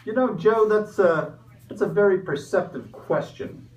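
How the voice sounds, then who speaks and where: A man voicing a gruff, money-minded Easter Bunny who wisecracks and talks pushy, in a comedy sketch. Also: high voice, unhurried. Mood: greedy. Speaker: comic interviewee. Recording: roomy, far from mic.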